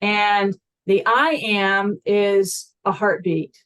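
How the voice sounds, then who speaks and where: Warmly affirming woman host. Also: mid-range voice, steady tone, extremely slow, clear, resonant tone, poor audio. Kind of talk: casual conversation.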